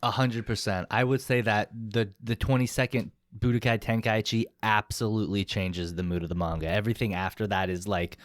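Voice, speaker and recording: A man co-hosting a podcast, chatting casually with loose swearing and loud laughs. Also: fairly low pitch, fairly quick, few pauses, no echo, clean studio sound. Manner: lively, swearing, laughs loudly. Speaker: podcast co-host. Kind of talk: casual chat.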